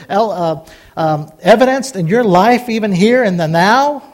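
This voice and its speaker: Folksy high-voiced preacher. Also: male voice, lively intonation, a little fast, a little mellow. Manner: folksy, rambling preaching with asides and laughs; rises to a fervent, exhorting tone. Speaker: pastor. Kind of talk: sermon.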